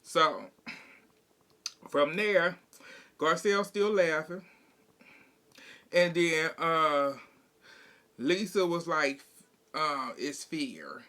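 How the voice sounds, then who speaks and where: A man's voice: fairly high pitch, drawn-out words, long pauses, sharp tone. A man casually recapping a reality TV episode, retelling scenes in a blunt, profane, gossipy way and quoting the cast as he goes.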